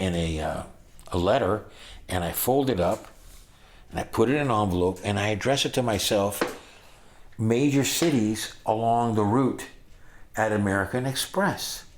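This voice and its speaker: A man in his sixties telling stories about his travels in a casual, animated way, acting out the people he met and breaking into loud excitement. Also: fairly low pitch, normal speed, a little hiss or hum. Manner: animated, acts out voices, bursts of loud excitement. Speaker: storyteller recalling his travels. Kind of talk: casual spoken storytelling.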